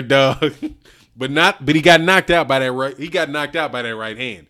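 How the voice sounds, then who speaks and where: In a mid-range voice that's pushed and bright, delivered at normal speed, the host of a boxing livestream chats casually with viewers while reading super chats. He uses slang, laughs frequently, and calls people "dog" and "man."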